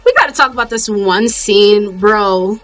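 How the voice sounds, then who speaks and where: Faint music plays behind a woman talking at a medium pitch and a little slowly. Raised in the US by a Jamaican family, the American-accented YouTuber gives a casual, blunt recap of a TV series for her commentary vlog, with plenty of swearing and tangents.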